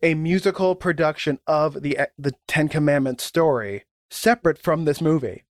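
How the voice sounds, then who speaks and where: A man's voice: on the high side, moderate pace, dry recording, clean studio sound. A man guesting on a podcast, chatting casually and rambling enthusiastically about films. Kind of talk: casual chat.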